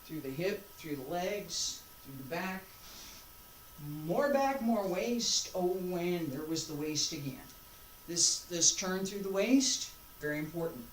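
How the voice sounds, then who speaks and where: Slow-paced woman teaching from afar. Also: fairly low pitch, expressive, a little hiss or hum. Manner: reflective, thinks aloud with restarts and rhetorical questions. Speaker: martial arts instructor. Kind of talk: teaching while demonstrating. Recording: roomy sound from a distant mic.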